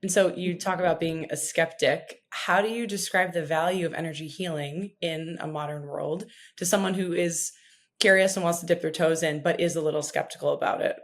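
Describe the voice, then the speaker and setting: A woman podcast host asks thoughtful interview questions in a casual chat, adding self-deprecating asides. Her voice is fairly low with fairly even intonation, and she speaks fairly quickly.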